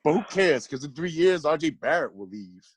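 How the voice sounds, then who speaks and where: A man's voice: fairly high pitch, normal speed. A man co-hosting a casual podcast, laughing often and reading a comic rhyming poem with swagger. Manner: animated, laughs often, reads rhymes with swagger. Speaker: podcast co-host.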